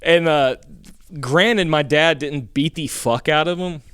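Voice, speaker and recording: A man tells a story in loose, profane chat, rambling and getting animated when he quotes people. His voice is smooth and resonant, recorded close and dry with no room sound. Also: on the high side, takes it slowly, no echo. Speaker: podcast co-host telling a story.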